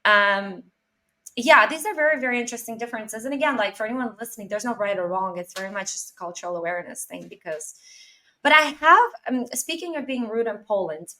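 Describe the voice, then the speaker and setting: A young woman from Canada hosting a podcast, telling stories in an animated way with lots of fillers. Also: on the high side, brisk. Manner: animated storytelling with frequent fillers and laughs. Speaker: podcast host. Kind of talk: casual interview chat.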